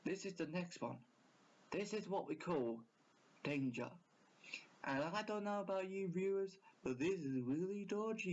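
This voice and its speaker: A man's voice: high-pitched, darkish tone, voice pushed up. A man imitating a theatrical male host of a scary countdown channel. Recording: dull lo-fi recording.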